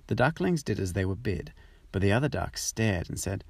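A man reading a fairytale aloud in an expressive, steady storytelling manner. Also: fairly low pitch, moderate pace, gravelly, slightly rough, no room sound.

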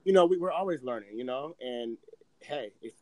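A man's voice: mid-range voice, lively intonation, moderate pace, a little mellow, no echo, lo-fi sound. A man in casual podcast chat, talking animatedly and acting out his own anxious thoughts.

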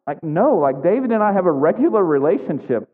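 Man preaching, slightly high voice, conversational storytelling, tinny phone-like sound, echoey hall. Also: brisk. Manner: conversational, animated storytelling with frequent "right?". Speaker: pastor. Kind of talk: sermon.

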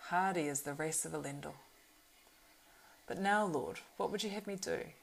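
A woman's voice: deep voice, moderate pace, vocal fry, slight background noise, rough recording. A woman voicing a proud young male horse-lord marshal in an audiobook reading, earnest and urgent.

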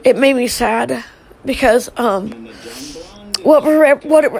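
Speaking to her family on a live stream, this middle-aged woman is emotional and hesitant, often sighing and starting over. Gravelly fry runs beneath a voice set much higher than most women's, and it carries a slightly mellow tone. The audio is poor.

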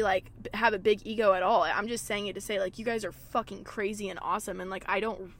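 A woman's voice: a little high, a bit bright. A young woman hosting a podcast, chatting casually, full of "like" fillers and swearing, acting out what people said to her. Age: young adult. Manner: chatty, fillers like "like", swears freely, acts out quotes. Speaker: podcast host. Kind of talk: casual chat.

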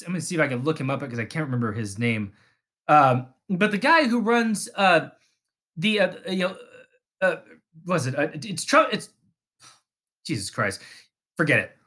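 A man's voice: high voice, pushed and bright. A man hosting a podcast, delivering an angry, profane political rant that rambles with frequent restarts. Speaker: podcast host.

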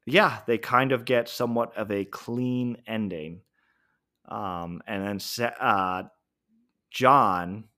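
A man's voice: on the low side, bright, forceful tone. A man hosting a podcast, casually recapping a series finale and thinking aloud with frequent ums and self-corrections. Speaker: podcast host. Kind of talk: solo podcast review.

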